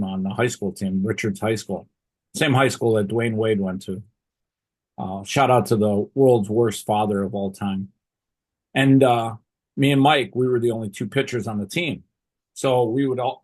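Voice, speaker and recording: Husky, profane male storyteller. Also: lowish voice, a little mellow. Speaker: podcast host. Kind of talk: casual storytelling.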